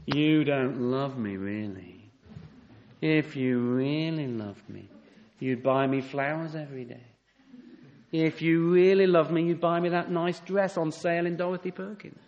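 A man's voice: fairly high pitch, measured pace, muffled recording. A man doing a sulky, wheedling young bride. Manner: wheedling sob story.

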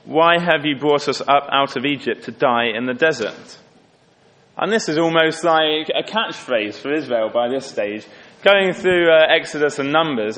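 A man preaching a sermon earnestly, lifting his voice for emphasis and dropping low and quiet on solemn points. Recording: long hall reverb.

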